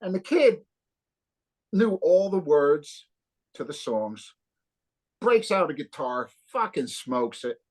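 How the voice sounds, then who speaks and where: Speaking slowly with long pauses, this fairly high-voiced guest guitarist is a New Jersey man in his fifties. He recounts stories in an easygoing interview, playing out the dialogue in an animated, profane style full of swearing.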